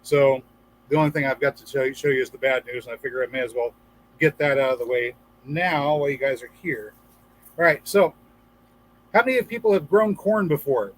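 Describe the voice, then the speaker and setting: Chatty host with a faint hum behind. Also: male voice, medium pitch, fairly quick, rough recording. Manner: chatty, reads viewer comments aloud, acts out voices in a joke. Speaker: livestream host. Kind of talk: casual livestream chat.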